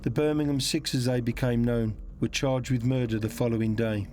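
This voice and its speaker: A male narrator reads a documentary script in a measured, factual tone, his pitch in the ordinary middle range for a man. Soft music plays quietly under his voice. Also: fairly even intonation.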